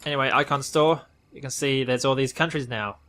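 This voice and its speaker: A man's voice: mid-range voice, steady tone, fairly quick, fairly bright tone. An Australian man casually commenting on a game update, rambling and correcting himself as he goes. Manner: rambling, self-correcting, offhand. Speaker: gaming video host.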